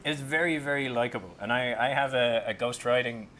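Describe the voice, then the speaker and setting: A man's voice: a little fast, a little hiss or hum. A man with an Irish accent giving a funny talk on public speaking, telling stories and acting out voices. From Ireland. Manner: joking, storytelling, acts out voices and rises high when excited. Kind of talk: comic presentation to an audience.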